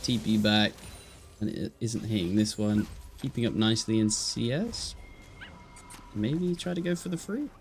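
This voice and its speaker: A male esports caster calls a live match over a headset, loose and chatty between fights and sharp with excitement when the action hits. His pitch sits in an ordinary middle range, and he sounds a little tired, with faint music playing behind him. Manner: chatty, talks to stream chat, jumps to excited shouts at big plays. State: tired, yawning. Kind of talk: live play-by-play commentary.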